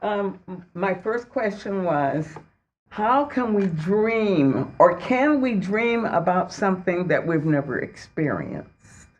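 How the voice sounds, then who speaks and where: A woman asking a question in a group discussion, halting and searching for her words. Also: lowish voice, big pitch swings, a little mellow, muffled recording. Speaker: discussion participant.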